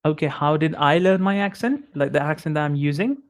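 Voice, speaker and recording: A man's voice: on the high side, lively intonation, brisk. A young man with an Indian English accent, an English tutor giving an upbeat, encouraging one-on-one lesson over a video call. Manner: encouraging, upbeat, many "like" fillers.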